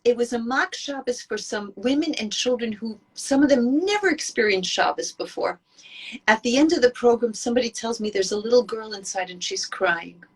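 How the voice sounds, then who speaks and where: Breathy woman giving an inspirational talk. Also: on the high side, animated, normal speed. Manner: storytelling, emphatic and earnest. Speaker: Jewish women's speaker.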